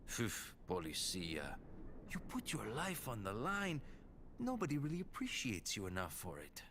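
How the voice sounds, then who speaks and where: Joking Spanish ex-cop. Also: male voice, mid-range voice, huge pitch swings, moderate pace, sharp tone, a little hiss or hum. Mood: teasing. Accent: put-on Spanish. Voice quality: playful, teasing. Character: flirtatious male Spanish ex-cop, joking and sly.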